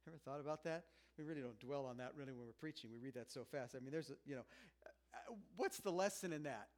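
A pastor preaching a sermon in a conversational, joking way, often dropping to a hush and then pushing his voice up loud. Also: mid-range voice, fairly quick, pauses often. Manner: conversational and joking, swinging between loud and hushed.

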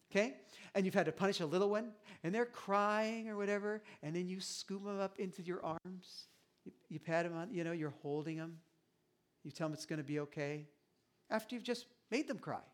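Male pastor giving a sermon, higher pitched, talks casual and lively, lots of restarts. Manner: conversational, animated, with many restarts.

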